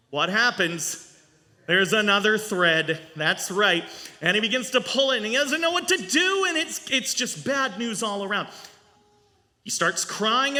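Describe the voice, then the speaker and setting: A male rabbi giving a storytelling sermon at a family service, animated and asking the audience questions. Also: high voice. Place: synagogue sanctuary. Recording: long reverb in a large hall.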